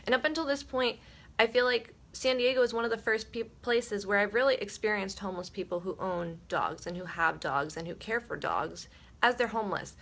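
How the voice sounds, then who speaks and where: A woman in her thirties, just out of bed, talks to her viewers in a croaky, gravelly morning voice. She rambles candidly and reflectively, in a casual livestream chat, at a middling pitch. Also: a little fast, fairly bright tone. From Buffalo, New York. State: just woken up, groggy morning voice. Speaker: vlogger.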